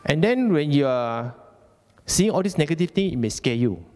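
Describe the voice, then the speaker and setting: A man's voice: fairly high pitch, big pitch swings, moderate pace, a little mellow, big-room sound, soft background music. A man with a Malaysian English accent giving an informal Dhamma talk, chatty and colloquial, often repeating phrases and asking "okay?". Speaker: Buddhist Dhamma speaker. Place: temple hall.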